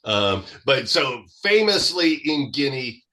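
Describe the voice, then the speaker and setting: A man speaking as a guest in an interview, explaining history at length in a lively, expansive way. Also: mid-range voice, slow pace.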